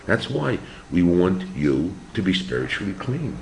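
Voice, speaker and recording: An older man, a rabbi, giving an animated yeshiva class and asking his students questions. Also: low voice, measured pace, vocal fry, slight background noise. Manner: animated, asks the students questions, acts out voices. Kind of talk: yeshiva lecture.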